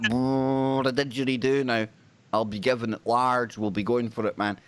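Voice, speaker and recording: Man, British accent, stream host, casual chat, jokey, mid pitch. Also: moderate pace, clear, resonant tone. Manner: lively, jokey, chatty with the audience.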